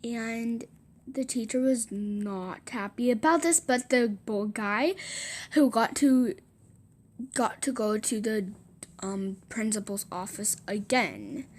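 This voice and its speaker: A woman with a fairly high voice narrates a casual storytime at an unhurried, slow pace. She rambles and circles back over the same words, restarting her sentences. Now and then she drops into a whispered aside.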